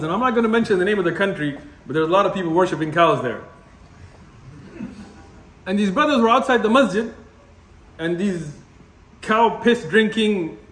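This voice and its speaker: A man with a very high, lively voice delivers an impassioned religious lecture. He is blunt and animated, laughing through his rants and scattering Arabic terms through his English. The room around him rings with echo. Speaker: Islamic lecturer. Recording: echoey room.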